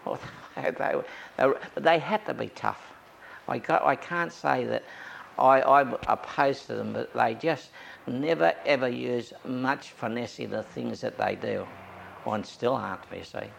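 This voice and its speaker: In an oral history interview, an older Australian man recounts anecdotes from his youth, acting out the voices of the people he quotes. His mid-range voice is gravelly and unhurried, with a little hiss or hum on the recording.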